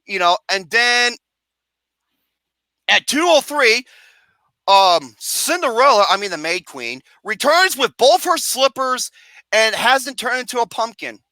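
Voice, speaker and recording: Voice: mid-range voice, very animated, measured pace, bright, forceful tone, no echo. A film reviewer ranting profanely and acting out scenes with mock wails and singing.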